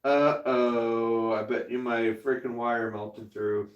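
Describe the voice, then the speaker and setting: Slow easygoing man chatting to stream. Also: medium pitch, level tone, highs cut off. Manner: slow, easygoing, talks to chat while working. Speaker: livestream host. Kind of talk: casual livestream chat.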